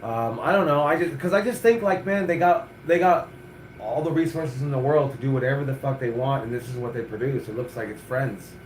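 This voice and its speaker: A man's voice: mid-range voice, fairly quick, reverberant, a little hiss or hum. A middle-aged man, a wrestling coach hosting a chat show, talking bluntly and profanely with lots of energy. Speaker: wrestling coach and podcast host. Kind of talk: casual chat.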